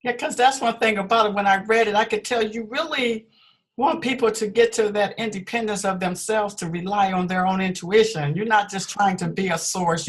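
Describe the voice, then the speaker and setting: A woman hosting an interview, calm and reflective as she sums up her guest's ideas. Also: medium pitch. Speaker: host.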